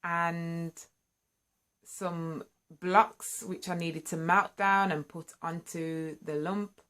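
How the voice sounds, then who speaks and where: Candid low-voiced woman vlogger. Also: extremely slow. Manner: candid, earnest, animated when excited. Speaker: singer sharing a personal story. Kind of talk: candid personal vlog storytelling.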